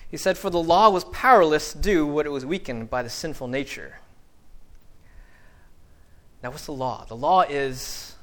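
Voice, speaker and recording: A man preaching a sermon, acting out little scenes and dialogue, often restarting and repeating words, with big swings between loud and quiet. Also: a little high. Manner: animated, acts out dialogue with big swings in loudness.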